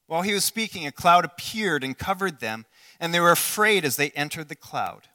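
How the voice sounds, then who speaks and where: A man preaching a sermon in an earnest way, asking the listeners questions and swinging between loud passages and hushed ones. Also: on the high side, expressive, fairly quick. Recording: long hall reverb.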